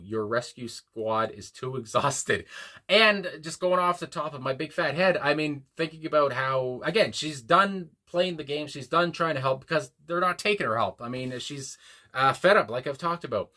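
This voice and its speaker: A man's voice: medium pitch, sharp tone. A young man hosting a music reaction video, talking casually and rambling with lots of fillers and restarts. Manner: rambling, frequent fillers and restarts, chuckles often. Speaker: music reaction channel host.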